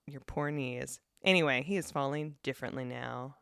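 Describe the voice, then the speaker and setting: A woman's voice: rumbling low, moderate pace, gravelly, fairly bright tone, clean tone, no room sound, studio quality. Chatty laughing woman podcast co-host. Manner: chatty and rambling, often laughing. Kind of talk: casual podcast chat.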